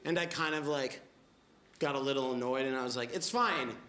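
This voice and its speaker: A man's voice: mid-range voice, fairly even intonation, brisk, noisy background. A man in his twenties doing a stand-up set, telling stories with a wry tone and acting out what people said. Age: 20s. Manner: wry storytelling with acted-out quotes. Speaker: stand-up comedian. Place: comedy club stage with live audience. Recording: echoey club with audience laughter.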